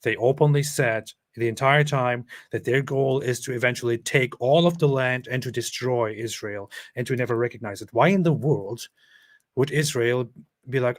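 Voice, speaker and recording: A man's voice: mid-range voice, moderate pace. A man hosting a reaction commentary, talking in a conversational way with fillers and restarts. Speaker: commentary channel host.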